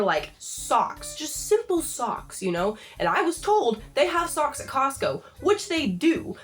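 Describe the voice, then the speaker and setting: Exasperated young woman ranting, slightly high. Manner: exasperated, animated, heavy use of "like". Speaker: vlogger. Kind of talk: comedic storytime rant.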